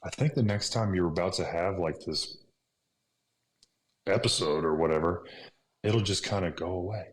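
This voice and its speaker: A man's voice: low-pitched, normal speed, long pauses. A man in his thirties, a podcast guest, earnestly retelling a personal story and dropping into whispers for remembered thoughts. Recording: echoey room with faint noise.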